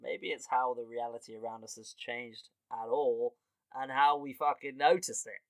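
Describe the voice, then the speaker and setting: A man hosts a comedy podcast, delivering a casual, funny monologue in an animated way, laughing often and swearing freely. His voice is medium-pitched at a moderate pace, with a dry, close sound and no room echo.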